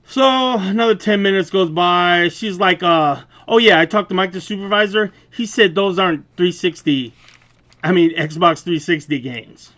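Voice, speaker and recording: Male vlogger, young adult, booming and a touch high-pitched, profane, animated storyteller. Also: moderate pace. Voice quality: loud, booming voice. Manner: animated, profane, laughs through the retelling. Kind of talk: casual storytelling rant.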